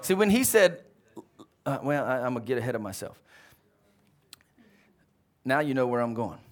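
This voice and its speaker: A man preaching a sermon as pastor, animated, who keeps throwing questions out to his congregation. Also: mid-range voice, a little slow, pauses often.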